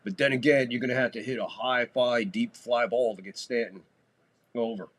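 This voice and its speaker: A man's voice: mid-range voice, fairly even intonation, moderate pace. A man hosting a live baseball stream, giving casual play-by-play, talking loosely and swearing freely. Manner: loose, talky, swears freely, gets loud on big plays. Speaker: host doing live baseball commentary.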